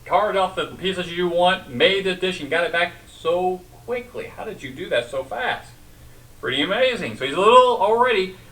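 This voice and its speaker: A man's voice: sits high, pushed and bright, far from the mic, poor audio. A man teaching a sermon in a conversational way, asking the congregation questions and retelling scripture. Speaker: pastor.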